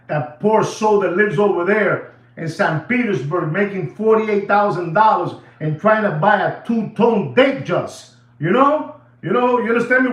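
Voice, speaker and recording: A middle-aged man who deals in watches, giving a dramatic, theatrical rant to his viewers, recorded in an echoey room from a distance. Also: sits high. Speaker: watch dealer. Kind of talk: ranting vlog to camera.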